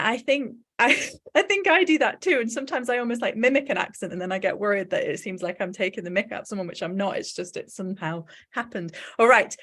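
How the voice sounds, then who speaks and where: A woman's voice: medium pitch, fairly bright tone. A woman with an English Midlands accent hosting a live online event, chatting and reading out audience comments with frequent laughs. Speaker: host.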